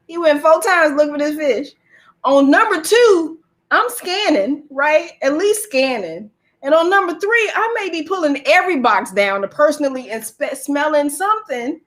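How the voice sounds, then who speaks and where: A woman with a high voice tells a funny story to a church group. She is animated, laughs often and talks straight to her listeners. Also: normal speed.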